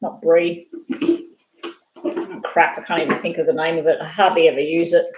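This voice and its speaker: A woman doing a live tarot reading, talking fast and rambling off on side chats. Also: sits low, fairly even intonation, darkish tone, slight background noise. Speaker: tarot reader. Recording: echoey room.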